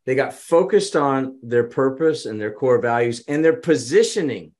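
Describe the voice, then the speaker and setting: A man's voice: mid-range voice, normal speed. A man telling business stories in a conversational interview and acting out quoted lines. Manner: animated, dramatizes quotes. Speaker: business consultant guest. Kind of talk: conversational storytelling.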